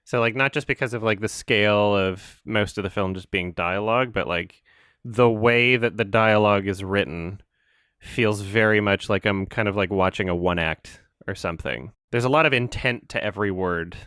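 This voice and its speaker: A man co-hosting a podcast talks through a film in a loose, rambling way and laughs often. His voice sits low and sounds smooth and clear, recorded dry and close. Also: moderate pace, fairly bright tone, no echo. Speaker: podcast co-host. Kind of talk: casual film discussion.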